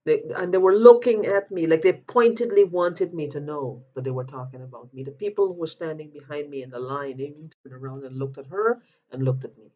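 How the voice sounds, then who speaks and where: A man's voice: fairly high pitch, a little fast, mellow. A man speaking in an upset personal video, agitated, repeating himself and breaking off mid-word as he pleads for help. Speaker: vlogger asking for help. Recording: dull lo-fi audio.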